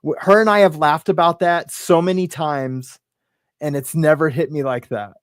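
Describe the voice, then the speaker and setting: A man's voice: fairly high pitch, fairly even intonation, normal speed, no echo. A middle-aged man telling a personal story as a podcast guest, rambling with lots of "right?" and "like", emotional and close to tears.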